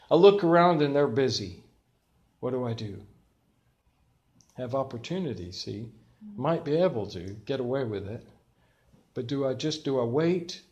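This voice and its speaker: An older man preaching a sermon as pastor, telling stories with lively, self-mocking humor. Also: medium pitch.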